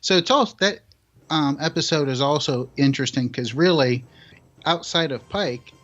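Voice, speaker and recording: Relaxed man on a dull, lo-fi line. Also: fairly high pitch, moderate pace. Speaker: podcast co-host. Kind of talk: casual chat.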